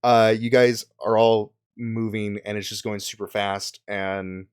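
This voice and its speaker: A young man narrating a tabletop game as game master, halting with many fillers and restarts. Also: fairly low pitch, completely flat delivery, a little mellow, clean tone.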